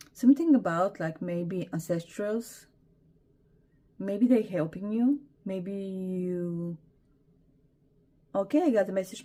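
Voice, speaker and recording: A woman's voice: medium pitch, dark tone. A young adult woman giving a casual tarot reading, talking hesitantly with many fillers and apologies. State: emotional, teary. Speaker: tarot reader.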